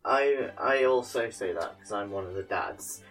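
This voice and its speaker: Very deep-voiced, slow-talking woman. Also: loud music behind the voice. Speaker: podcast voice actor. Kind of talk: casual chat between takes.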